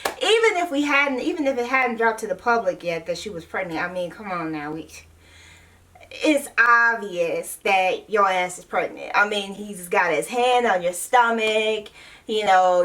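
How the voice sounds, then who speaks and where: A woman's voice: medium pitch, measured pace, fairly bright tone, distant mic. A woman vlogger giving a blunt, sassy casual recap of a reality TV episode.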